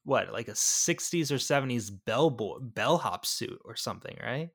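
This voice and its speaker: A man co-hosting a podcast, talking casually about a film and often pausing to search for words. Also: medium pitch, lively intonation, a bit bright, breathy edge. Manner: searching for words, hesitant, many fillers. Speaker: podcast co-host. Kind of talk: casual movie discussion.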